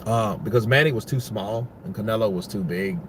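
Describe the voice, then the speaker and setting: A man's voice: lowish voice, brisk, background noise. A man giving casual, rambling boxing commentary, full of profanity and restarts.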